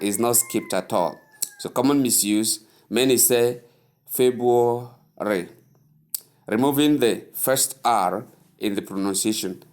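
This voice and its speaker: Nigerian English male teacher, lowish voice, very slow, repeats every word. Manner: slow, repeats each word many times, drawn out. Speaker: pronunciation teacher. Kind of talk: spoken English pronunciation lesson.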